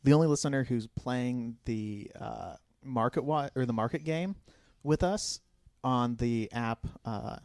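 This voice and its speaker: A man's voice: mid-range voice, unhurried, hardly any pauses, a little mellow, dry recording, clean studio sound. Chatty giggly podcast co-host man. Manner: laughing, chatty, hesitant fillers. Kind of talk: casual chat.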